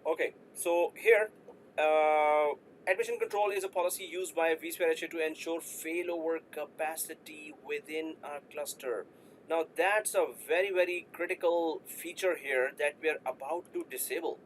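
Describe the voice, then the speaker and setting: A man's voice: fairly high pitch, normal speed, slight background noise, poor audio. A man teaching a live online IT class, explaining with playful asides and jokes. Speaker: IT instructor.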